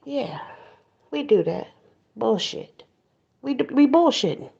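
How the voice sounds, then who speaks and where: A woman's voice: sits high, animated, takes it slowly, vocal fry, warm tone, dull audio. A woman host giving a blunt, preachy commentary monologue, mocking others in put-on voices.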